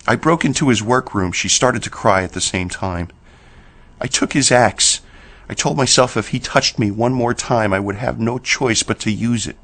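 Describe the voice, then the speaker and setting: A man reading a horror story aloud in a slow, measured storytelling manner. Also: fairly low pitch, fairly bright tone. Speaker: narrator. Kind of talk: scripted horror narration.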